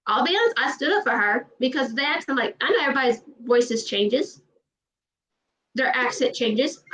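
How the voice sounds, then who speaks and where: High-voiced Southern woman ranting on a stream. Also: lively intonation, fairly bright tone. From Georgia, USA. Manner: fast, emphatic, repeats herself. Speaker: livestream host. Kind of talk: casual chat. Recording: distant, dull livestream audio.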